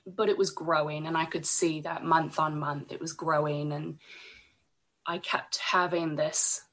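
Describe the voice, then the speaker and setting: A woman, croaky from a cold, talking as a podcast guest, hesitant, with many ums and restarts. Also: deep voice, steady tone, a little slow, a bit bright. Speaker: podcast guest, illustrator and designer. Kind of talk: casual interview talk.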